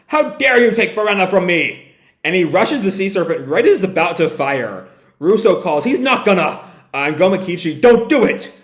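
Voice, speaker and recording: Animated man reacting to a manga. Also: reverberant. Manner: reads dialogue aloud with raised pitch, swears casually. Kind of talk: live manga reading and reaction.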